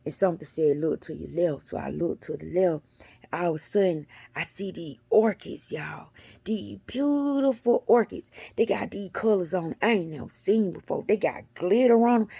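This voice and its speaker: A middle-aged woman telling a spiritual story to her viewers in a blunt, animated way, cussing freely and sometimes dropping into a whisper. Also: lowish voice, moderate pace, vocal fry, breathy edge, dry recording. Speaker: spiritual vlogger.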